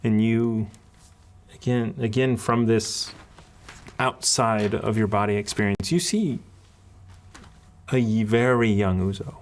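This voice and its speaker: A man narrating a tabletop game as game master, telling the scene in a deliberate storytelling way. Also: lowish voice.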